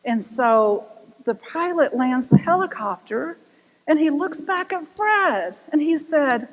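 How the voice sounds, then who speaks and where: An older woman minister giving a sermon, telling stories with animated voices and asking rhetorical questions. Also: high-pitched, slow pace. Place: church sanctuary. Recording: long reverb of a church hall.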